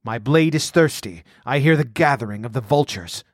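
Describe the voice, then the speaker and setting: A man's voice: medium pitch, lively intonation, normal speed, no room sound, studio quality, close to an everyday voice. A man voicing a fanatical young male swordsman who cries out fervently. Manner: crying out fervently.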